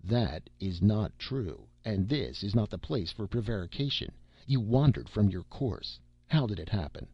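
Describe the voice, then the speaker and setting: A man voicing a stern, deliberate male head clerk at the gates of heaven, speaking briskly and with questions. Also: low voice, big pitch swings, creaky, dark tone, breathy edge, no room sound, muffled recording, heavily acted.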